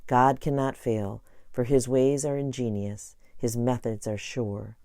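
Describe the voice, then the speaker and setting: Calm man reading an inspirational audiobook. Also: mid-range voice, no echo, studio quality. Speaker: audiobook reader. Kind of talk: audiobook narration of an inspirational book.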